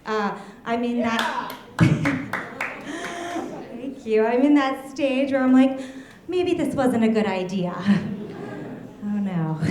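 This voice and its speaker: Young woman doing stand-up, kinda high voice, deadpan stories, echoey club mic. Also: slight background noise. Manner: deadpan storytelling with laughs at her own jokes. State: heavily pregnant. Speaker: stand-up comedian. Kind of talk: stand-up comedy set. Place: comedy club stage. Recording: roomy club echo.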